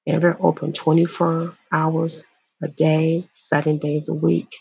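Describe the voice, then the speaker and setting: A woman from Illinois giving earnest personal testimony, halting and repeating herself as she speaks to viewers. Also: sits low, little pitch movement, vocal fry, dark tone, slightly rough, no room sound. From Illinois, USA. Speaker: survivor sharing her story.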